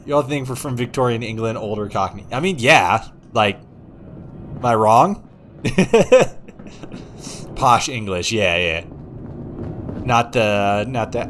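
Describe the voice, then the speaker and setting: Rambling, swearing streamer from Oregon. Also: male voice, medium pitch, expressive, a little slow, pauses often, background noise. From Oregon, USA. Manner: rambling, swearing, laughs often. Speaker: game streamer. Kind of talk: casual live-stream chat while playing.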